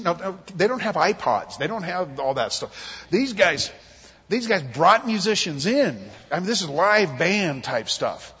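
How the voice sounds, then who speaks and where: A man's voice: sits high, husky, long reverb tail, highs cut off. A man preaching a conversational sermon, acting out quotes and jokes from his family life. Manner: animated, conversational, acts out quotes. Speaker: pastor. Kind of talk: expository sermon.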